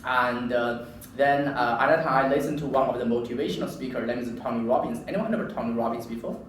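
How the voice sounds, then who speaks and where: A man giving a personal story speech to an audience, animated and halting, often repeating himself. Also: medium pitch, slight background noise. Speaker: public speaker. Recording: echoey room from far off.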